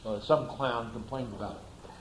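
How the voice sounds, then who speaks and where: A man's voice: mid-range voice, moderate pace, roomy sound, noisy background. A man giving a classroom lecture, asking the class rhetorical questions and acting out little scenes.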